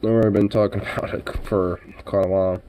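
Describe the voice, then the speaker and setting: Rambling, swearing male streamer, low and mellow. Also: flat delivery, fast talker, low-quality recording. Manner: rambling, swears freely, many fillers. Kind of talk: casual live-stream commentary.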